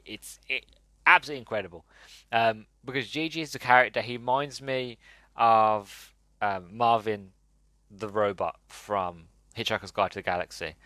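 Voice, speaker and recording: A man's voice: on the low side, fairly bright tone, no echo. A man hosting a podcast, giving a casual and enthusiastic movie review, rambling with many fillers and restarts. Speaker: podcast host.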